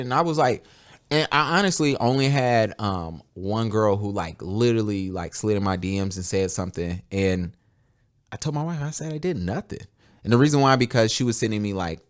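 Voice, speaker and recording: A young man with a Southern US accent, hosting a casual podcast and telling loose, profane stories. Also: on the low side. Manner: loose, profane storytelling with animated voices. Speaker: podcast host.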